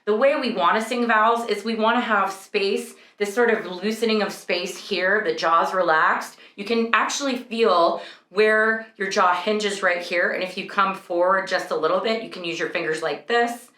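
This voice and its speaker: Bright-voiced woman vocal coach. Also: mid-range voice, moderate pace, roomy sound. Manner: explains clearly, breaks off into sung vowel demonstrations. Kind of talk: singing lesson demonstration.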